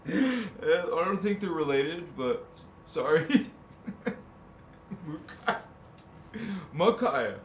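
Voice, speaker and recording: A man's voice: a little high, lively intonation, slow pace, long pauses, roomy sound, a little hiss or hum. A man hosting a spiritual livestream, musing aloud, joking and swearing as he sounds out a word. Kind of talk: rambling livestream chat.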